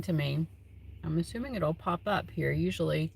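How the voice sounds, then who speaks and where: This tarot livestreamer, broadcasting from home on her phone, has a low, creaky, darkish voice with a breathy edge and lively intonation, at a moderate pace. She chats and rambles casually, filling gaps with fillers and laughing a lot.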